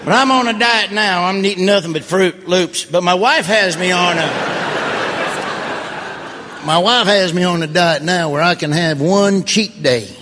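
A man's voice: high voice, unhurried, background noise. A man doing stand-up comedy, with folksy, grumbling, self-mocking delivery. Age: 50s.

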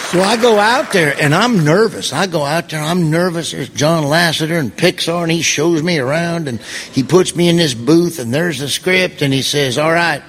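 A man with a slightly high voice tells stand-up stories in an easy, drawling way. A crowd murmurs in the background, with faint noise throughout the live show. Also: moderate pace. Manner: folksy drawling storyteller, breaks into loud yelps. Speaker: stand-up comedian. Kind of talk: stand-up comedy routine. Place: live comedy stage before an audience.

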